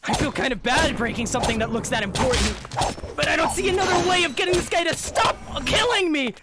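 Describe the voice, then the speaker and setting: A man playing through a live roleplay game, excitable, talking to himself and cheering with yelps. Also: very high voice, quick pace, very noisy. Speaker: roleplay player. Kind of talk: live roleplay gameplay chat.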